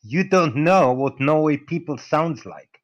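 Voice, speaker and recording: A man's voice: a little high, lively intonation, unhurried. A man from Israel chatting on a group call, blunt and teasing. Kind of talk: casual group call chat. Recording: dull, lo-fi call audio.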